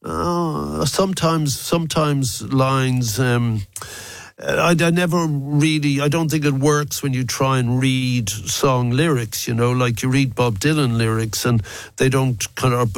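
A man's voice: medium pitch, unhurried, no room sound. An older Irish man with a South Dublin accent, a musician answering interview questions in a rambling, reflective way with many restarts. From Ireland. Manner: gravelly, rambling with restarts and fillers. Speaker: musician guest.

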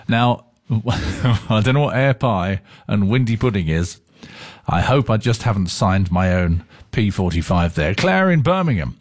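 A man's voice: lowish voice, big pitch swings, a little slow. A male radio host, chatting casually and laughing as he reads out listener messages. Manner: chatty, self-mocking, laughs easily. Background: music.

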